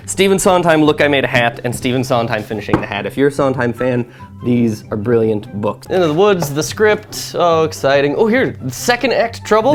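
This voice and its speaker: A young adult vlogger chatting casually and rambling at home, full of quick asides. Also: mid-range voice. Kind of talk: casual chat. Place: home, beside a bookcase.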